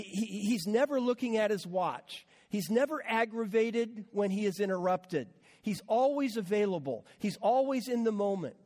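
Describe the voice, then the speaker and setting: A man's voice: sits high, a little mellow, big-room sound. A man preaching a conversational sermon as a pastor, with repeated words and casual asides to the congregation.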